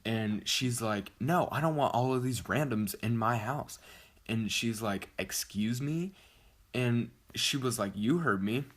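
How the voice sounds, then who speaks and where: A teenage boy vlogger tells a story casually, rambling, swearing, and filling his speech with "like." His voice is mid-range and a bit bright, and he talks a little slowly.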